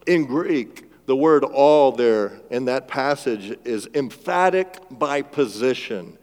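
Pastor preaching in a reverberant church. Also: male voice, medium pitch, expressive. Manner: swings between loud emphasis and hushed, drawn-out phrases; asks the congregation for responses. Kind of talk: sermon. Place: church sanctuary. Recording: long reverb of a large church hall.

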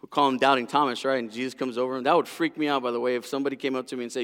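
A middle-aged man preaching a sermon as a pastor, an animated storyteller whose lively delivery drops to hushed intensity. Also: medium pitch, very fast. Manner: animated storyteller, acting out voices. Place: large church hall. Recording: long hall reverb.

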